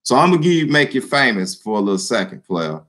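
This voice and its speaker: A man hosting his own video channel, talking straight to his viewers in a joking, animated way. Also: medium pitch, quick pace. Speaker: YouTube channel host addressing viewers. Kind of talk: casual vlog commentary.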